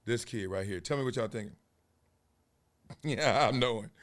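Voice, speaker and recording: A man's voice: mid-range voice, unhurried, long pauses. A man hosting a casual sports commentary show, joking and trash-talking, now and then breaking into freestyle rhymes. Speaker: host.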